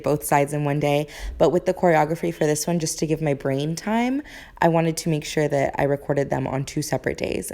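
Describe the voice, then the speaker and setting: A woman's voice: low-pitched, warm tone. Chatty young woman filming a home vlog. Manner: chatty and upbeat, with filler words. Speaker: musical theatre performer and vlogger. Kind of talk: casual behind-the-scenes vlog. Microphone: phone camera, sometimes set far off.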